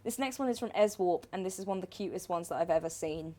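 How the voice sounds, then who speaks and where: A woman's voice: fairly low pitch, expressive, fast talker. A woman hosting a livestream, gushing and laughing as she introduces fan clips in casual chat. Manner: giggly, gushing, laughs often. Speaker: stream host.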